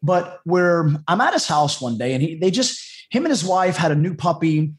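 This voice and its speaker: A man's voice: fairly high pitch, lively intonation, normal speed. A man, a dog trainer telling his story as a podcast guest, rambling and chatty with many restarts. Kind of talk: casual storytelling interview.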